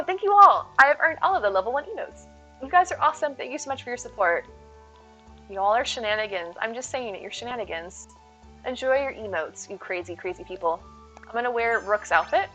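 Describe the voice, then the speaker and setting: Bubbly chatty woman streamer, slightly high voice. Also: a bit bright. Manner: bubbly, chatty, thanks viewers often. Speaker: live streamer. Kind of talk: casual chat while gaming. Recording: slightly dull sound with faint music.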